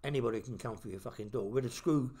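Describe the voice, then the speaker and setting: A man's voice: mid-range voice, fast talker, warm tone. A middle-aged man, a podcast host telling a blunt, swear-filled story in casual chat.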